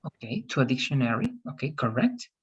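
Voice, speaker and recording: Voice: medium pitch, very animated, a little fast, slightly rough, dull audio. An English teacher on a video call, patiently correcting students' pronunciation and encouraging them. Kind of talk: online class feedback.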